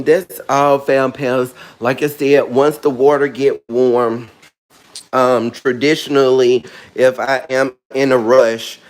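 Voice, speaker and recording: A man hosting a casual how-to vlog, talking sassily and chattily to his viewers with playful, dramatic asides. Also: mid-range voice. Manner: sassy, chatty, calls viewers girl and honey. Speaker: orchid care vlogger.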